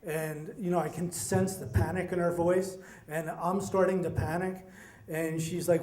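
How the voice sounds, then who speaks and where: A middle-aged man telling a personal story, animated and acting out the voices of the people in it. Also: high-pitched, moderate pace. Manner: animated, acts out quoted voices. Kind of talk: personal story told to an audience. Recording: echoey room.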